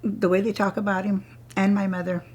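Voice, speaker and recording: A woman speaks in an interview about her family's legacy in a halting, proud way. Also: mid-range voice, flat delivery, a little mellow, slightly rough. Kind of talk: personal oral-history account.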